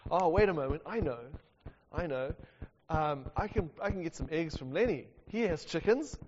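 A man's voice: fairly high pitch, expressive, normal speed, noisy background, natural voice. A man from New playing a generous, hospitable, persistent friend while telling a story in a sermon. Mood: eager. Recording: dull sound with long hall reverb.

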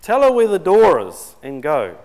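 A man's voice: high voice, wildly swooping pitch, moderate pace, darkish tone, heavily acted. A man voicing exasperated, impatient disciples while preaching a sermon. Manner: annoyed, dismissive. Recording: long reverb in a large hall.

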